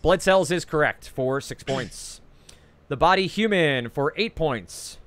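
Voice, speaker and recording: A man with a New Jersey accent hosting a trivia quiz over a video call, reading each clue twice and scoring answers in a brisk, chatty way with frequent "uh"s. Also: fairly high pitch, expressive, a bit bright.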